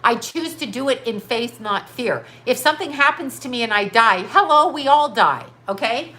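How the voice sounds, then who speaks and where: A woman in her fifties on a livestream, pouring out an emphatic, profane rant with one rhetorical question after another. Her voice sits a bit high and rings bright and forceful. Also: animated, moderate pace, a little hiss or hum. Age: 50s. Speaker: livestream host.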